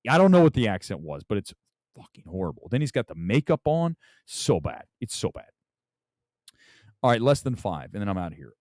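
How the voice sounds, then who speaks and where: A man hosting a casual movie talk livestream, loud, profane and rambling. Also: mid-range voice, big pitch swings, brisk, no room sound, clean studio sound. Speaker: movie talk show host.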